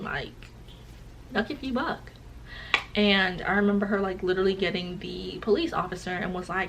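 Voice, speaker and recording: A woman's voice: mid-range voice, a little hiss or hum, poor audio. A young woman, telling a personal story in a casual vlog chat and acting out the voices of the people in it. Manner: animated, acts out quoted voices. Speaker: vlogger.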